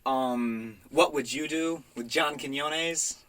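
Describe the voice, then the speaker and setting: Young male podcast host, bright timbre, animated and joking, laughs between thoughts. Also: on the high side, slow. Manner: animated, jokey, laughing asides. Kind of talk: casual chat.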